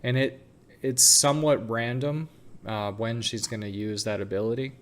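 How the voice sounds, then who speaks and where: A man's voice: medium pitch, steady tone, normal speed, clean tone. A man co-hosting a casual gaming podcast, talking hesitantly with stammered restarts. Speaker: podcast co-host. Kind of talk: casual chat.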